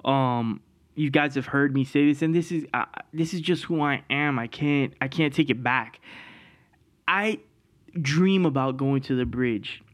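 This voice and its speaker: A man's voice: medium pitch, a little slow. A man hosting a podcast, telling a story in a casual, profane way and laughing through it. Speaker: podcast host.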